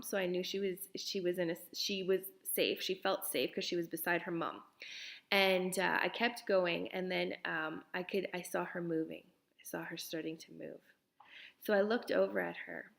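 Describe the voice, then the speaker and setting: A middle-aged woman, a parenting coach, talking earnestly to parents and dropping now and then into soft whispers. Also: fairly low pitch, moderate pace, creaky. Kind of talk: casual talk to parents.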